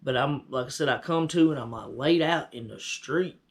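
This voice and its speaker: A man casually recounting a vivid dream in a slangy, animated, conversational way. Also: medium pitch, moderate pace, gravelly. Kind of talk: casual personal storytelling.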